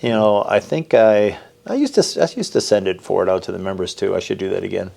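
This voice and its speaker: A man with a low, gravelly voice chats on a church podcast in a loose, rambling way. He is a pastor who jokes easily, and he fills his sentences with "you know" as he goes. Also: lively intonation, quick pace, dark tone. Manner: rambling and joking, lots of "you know" fillers. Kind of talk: casual conversational podcast chat.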